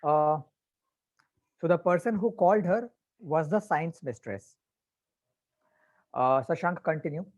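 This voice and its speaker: A man explaining a story to a class as their teacher, patiently and with pauses. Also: on the high side, lo-fi sound. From India.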